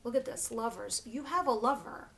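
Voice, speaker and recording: A woman's voice: a little high, normal speed, gravelly, fairly bright tone, a little hiss or hum. Chatty woman giving a blunt tarot reading. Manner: chatty and blunt, with filler words and self-corrections. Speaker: tarot reader. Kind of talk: casual tarot reading to camera.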